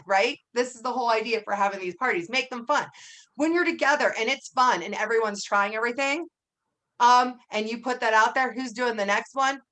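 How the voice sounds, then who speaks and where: Chatty woman coaching a sales team. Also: on the high side. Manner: chatty, acts out sample lines in a brighter voice. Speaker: direct sales team trainer. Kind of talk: casual training talk.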